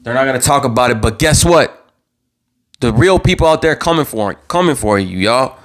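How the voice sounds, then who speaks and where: A young man hosting his own live show, giving impassioned commentary in a heated, worked-up voice, repeating himself and stumbling over restarts as he gets louder. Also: medium pitch, lively intonation, a little fast. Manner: heated, repetitive, stammering restarts, rising to near-yelling. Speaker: vlog host.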